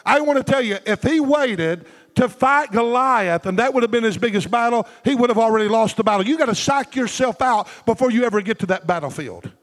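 A man's voice: very high-pitched, animated, brisk, hardly any pauses, a bit bright, long reverb tail. A man preaching a fervent, rhythmic sermon, calling out to his congregation for replies. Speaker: pastor.

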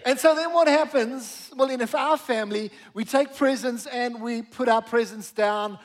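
A man preaching a sermon as pastor of a church, slowing down on key words and asking the congregation to repeat after him. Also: very high-pitched.

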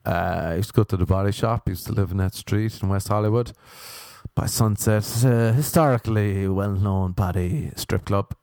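A man's voice: lowish voice, normal speed, a little mellow, dry recording, studio quality. A young Irish man hosting a podcast, telling stories in a rambling, self-mocking comic monologue. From Ireland. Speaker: podcast host.

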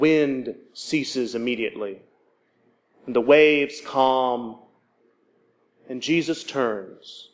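A man preaching a sermon, measured and paced with dramatic pauses. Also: medium pitch. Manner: measured, with dramatic pauses and voiced quotes of the disciples.

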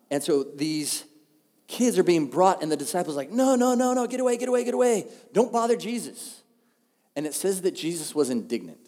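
A male pastor, preaching a sermon in a relaxed, conversational, humorous way. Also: mid-range voice. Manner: conversational, humorous, animated storytelling. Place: church auditorium. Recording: long hall reverb.

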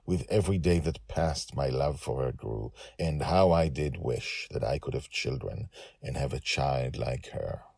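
A man voicing a gentle old red dragon. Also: very deep voice, animated, a little slow, creaky, slightly rough, no room sound, heavily acted. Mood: tender. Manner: gentle, hushed storytelling. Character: watchful, loving male red dragon guardian. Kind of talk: first-person storybook narration.

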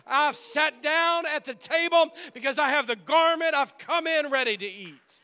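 A man's voice: extremely high pitch, moderate pace, bright, forceful tone. A man preaching a sermon as pastor in a church, with an impassioned, repetitive preaching cadence. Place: church sanctuary.

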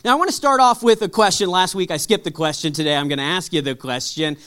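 A man with a notably high voice preaches a sermon in a church auditorium. His delivery is conversational and lively, with jokes for the room. For serious points it drops to a hushed, lower tone. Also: quick pace, smooth. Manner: drops to a soft, low voice for weighty points. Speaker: pastor. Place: church auditorium with live audience.

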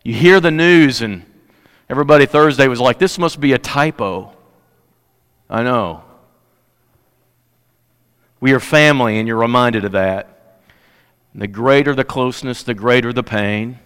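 A male pastor preaching a sermon in a church, swinging between loud emphatic peaks and hushed, quiet lows. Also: unhurried, long pauses, clean tone. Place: church sanctuary. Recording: long hall reverb.

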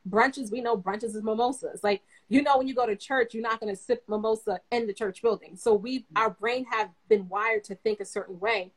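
A young adult woman guest speaking as a therapist, giving advice in a relaxed, conversational way with many fillers. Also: fairly high pitch, moderate pace, few pauses, low-quality recording. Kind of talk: casual advice chat.

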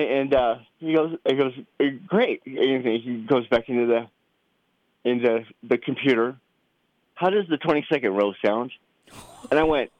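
A middle-aged father telling a family story in a casual, animated way, acting out the voices he quotes. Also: medium pitch, dry recording, muffled recording. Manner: animated, acts out quoted voices, many restarts.

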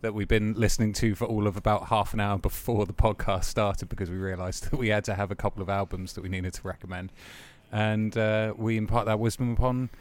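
Hungover podcast host, low voice. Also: male voice, level tone, brisk, few pauses. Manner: laughs through sentences, rambling. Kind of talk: casual chat.

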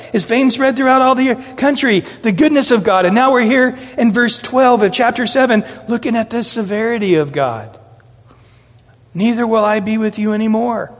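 Male pastor, expository sermon, high voice, dramatic reading of quotes, long hall reverb. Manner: animated, acts out scripture quotes with changing inflections.

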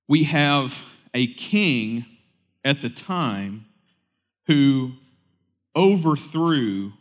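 A pastor with a mid-range voice preaches a sermon conversationally, swinging from loud, lively bursts to hushed, solemn passages.

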